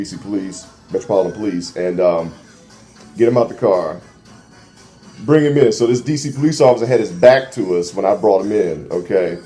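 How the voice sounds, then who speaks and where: Middle-aged man, ex-cop guest, animated storyteller, mellow low-key tone, faint music underneath. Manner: animated, acts out voices in his stories. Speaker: interview guest, former transit police officer. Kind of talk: casual storytelling.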